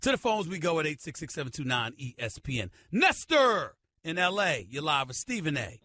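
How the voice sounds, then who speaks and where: A middle-aged man hosting a sports radio show, ranting loudly and emphatically into a studio microphone. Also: a little high, big pitch swings, brisk, a little hiss or hum. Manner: loud, emphatic, shouting tirade.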